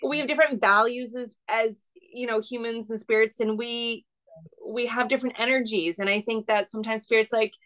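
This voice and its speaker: Higher-voiced reflective woman co-host. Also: steady tone, brisk, fairly bright tone, low-quality recording. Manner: reflective and thoughtful, agreeing often. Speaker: podcast co-host and medium. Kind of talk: casual chat.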